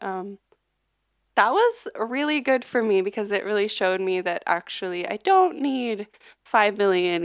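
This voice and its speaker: A woman's voice: mid-range voice, creaky, no room sound. Chatty woman streamer, close dry sound. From United States. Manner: rambling, many fillers and restarts. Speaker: musician streaming live. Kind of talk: casual livestream chat.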